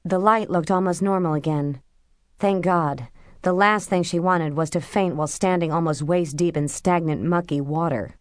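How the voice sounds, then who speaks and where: A woman narrating a novel as an audiobook, in steady, measured storytelling. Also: on the low side, dry recording, studio quality. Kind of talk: scripted narration.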